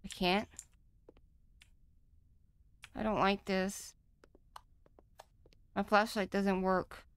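A woman's voice: mid-range voice, level tone, drawn-out words, clear, resonant tone. A woman playing a horror game and talking to herself as she plays, nervous and chatty, then signing off to her viewers. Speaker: gaming channel host.

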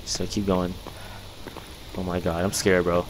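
A man's voice: sits low, level tone, unhurried, noisy background. A young man giving casual, jumpy commentary while playing a game, often startled and calling everyone "bro". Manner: jumpy, easily startled, says "bro" constantly. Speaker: gaming youtuber.

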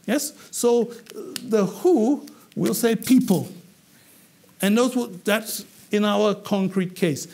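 A man from England teaching a public speaking class, animated and asking the students questions, often repeating himself. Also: sits high, takes it slowly, gravelly. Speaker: English public speaking trainer.

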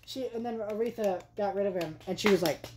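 A woman's voice: mid-range voice, brisk, very noisy. A young adult woman reviewing a film in a vlog, chatty and exasperated, with lots of fillers. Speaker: movie vlogger. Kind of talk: casual movie review rant.

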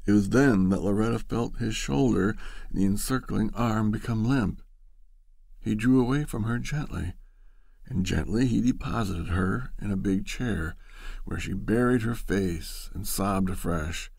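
A man narrating a classic story in an expressive, storytelling manner. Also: on the low side, a little slow, vocal fry, breathy edge, no room sound.

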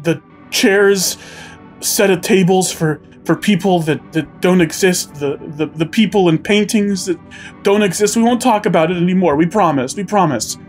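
A terrified hobgoblin woman, put on by a man, begs in a high, stammering voice. The pleading comes out in a raised register, tight and panicked. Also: normal speed, soft background music, natural voice.

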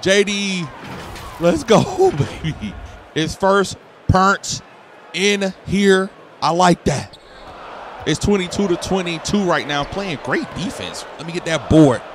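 A young man giving excited, slangy commentary over his basketball video game, hollering at big plays. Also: high voice, takes it slowly, a little hiss or hum. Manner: casual slangy talk. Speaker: gaming YouTuber. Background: game music.

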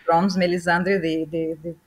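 A woman's voice: lowish voice, flat delivery, moderate pace. A woman, guest author in a casual video-call interview, self-conscious and laughing often.

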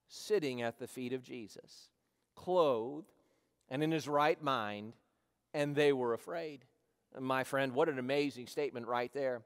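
A man's voice: on the high side, moderate pace. Bible-teaching pastor man in a reverberant church. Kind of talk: evening Bible-teaching sermon. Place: church sanctuary.

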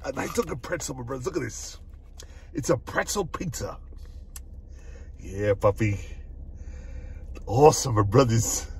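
A man doing a casual food review vlog, excitable, laughing often and calling his viewers "my brothers" again and again. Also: medium pitch, brisk, gravelly, a little hiss or hum.

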